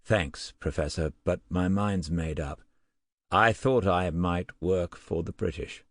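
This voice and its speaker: A man's voice: sits low, slow pace, no echo. A male audiobook narrator voicing a resolute man who speaks firmly. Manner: firm, resolute. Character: resolute man set on a dangerous mission.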